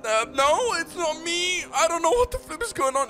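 A man doing excitable, joking let's-play commentary on a horror game from his bedroom gaming setup. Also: very high-pitched, normal speed, soft background music. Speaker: gaming YouTuber.

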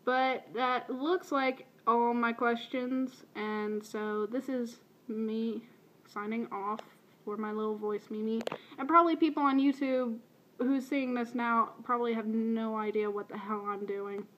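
A woman's voice: a little high, steady tone, measured pace, dull audio. A woman in her early twenties from Baltimore, with a light, shifting Baltimore accent, chatting casually through a voice meme with self-deprecating asides. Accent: light Baltimore American, drifting. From Baltimore, USA. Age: early 20s. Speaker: video blogger. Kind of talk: casual voice meme answering questions.

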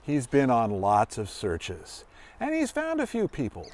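A middle-aged man, a search and rescue dog handler, who praises his dog in a silly high voice and explains calmly to children. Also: a little slow. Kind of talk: demonstration for children.

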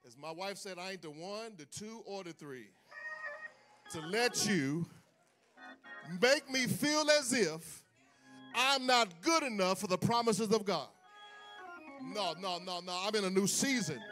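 A male pastor preaching a sermon in a church, swinging from hushed asides to sung, shouted calls to the congregation. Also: high-pitched, lively intonation, a little slow, soft background music. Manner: preaching with call-and-response, rising into sung shouts. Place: church sanctuary.

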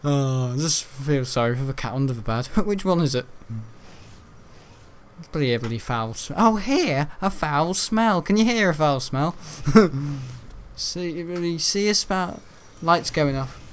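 A man's voice: on the high side, animated, unhurried, slight background noise. A young British man at home in his bedroom, rambling through casual gaming commentary, joking, swearing freely and laughing often. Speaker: gaming video host.

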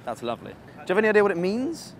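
A young man doing chatty, self-mocking street interviews with quick questions outdoors on a busy street. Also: sits high, wildly swooping pitch, gravelly, slight background noise. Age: young adult. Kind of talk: vox pop street interviews.

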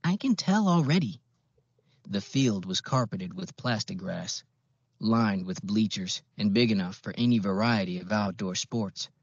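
A man reading a novel aloud as an audiobook narrator, in a measured, even way. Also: fairly low pitch, husky, dry recording. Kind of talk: scripted narration. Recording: dull, dry lo-fi recording.

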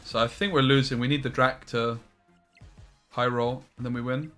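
A man's voice: mid-range voice, steady tone, moderate pace, fairly bright tone, faint music behind. A man, casually commentating his card game and chatting with viewers, swearing now and then.

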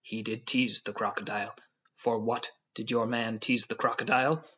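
A man voicing a grasping German showman who cries out in shrill, wailing bursts. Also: little pitch movement, normal speed, pushed and bright, breathy edge. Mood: accusing. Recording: dull lo-fi audio.

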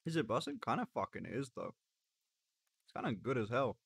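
A man's voice: medium pitch, wildly swooping pitch, brisk, gravelly, a bit bright, breathy edge, no echo, clean studio sound. A man streaming live in casual chat, joking, swearing and eating on camera. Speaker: livestreamer.

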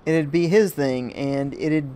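Chatty man streaming a game, slightly high voice. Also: takes it slowly, dark tone, slight background noise. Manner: chatty, joking, reads viewer chat aloud. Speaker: gaming streamer. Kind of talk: live gameplay commentary. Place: at home during a rainstorm.

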